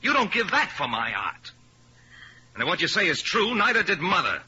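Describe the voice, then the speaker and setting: A man's voice: high voice, wildly swooping pitch, normal speed, bright, forceful tone, slightly rough, exaggerated voice. A man playing a bitter young pianist in a 1950s radio drama, talking with scorn and sarcasm. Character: bitter young male pianist rejecting his career. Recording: lo-fi old radio recording.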